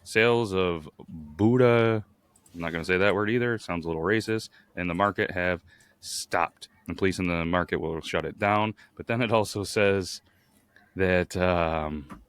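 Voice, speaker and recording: A man's voice: low voice, fairly bright tone. A man co-hosting a podcast in casual chat, reading out a news story loosely and stumbling over words. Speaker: podcast co-host.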